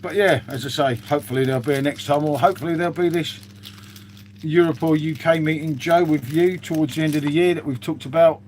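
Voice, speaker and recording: A man's voice: a little high, fairly even intonation, fast, a little mellow, a little hiss or hum. A man chatting casually on a live stream, reading out viewer comments with lots of "mate" and "um".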